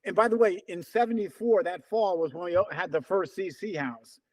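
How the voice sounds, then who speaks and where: A man's voice: high-pitched, a little fast. A man around seventy telling stories in an interview, acting out remembered dialogue. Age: about 70. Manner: lively, acts out remembered dialogue in quotes. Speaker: interview guest, veteran distance runner. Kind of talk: conversational storytelling.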